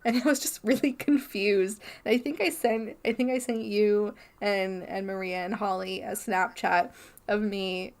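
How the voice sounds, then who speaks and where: Slow-talking young woman telling a story. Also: mid-range voice, steady tone. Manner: rambling, lots of "like" and restarts. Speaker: podcast co-host. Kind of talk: casual storytelling.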